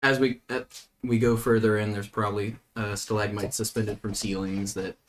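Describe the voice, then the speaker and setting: Hesitant low-voiced man player. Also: flat delivery, normal speed, a little hiss or hum. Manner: hesitant, rambling, with restarts and fillers. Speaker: tabletop game player. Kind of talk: casual in-character play chat.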